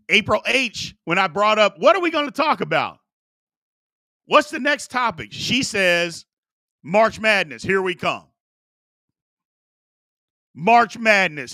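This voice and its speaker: A man's voice: high voice, no room sound, clean studio sound. A man in his forties hosting a live sports talk show, chatting casually and reading out viewer questions. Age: 40s. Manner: animated, chatty, reads viewer questions aloud.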